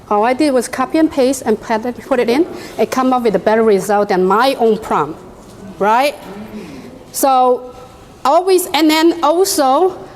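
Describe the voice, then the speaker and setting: Woman presenter, high voice, chatty workshop delivery with phrasing. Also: darkish tone, a little hiss or hum. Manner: conversational, non-native phrasing. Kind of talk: conference presentation.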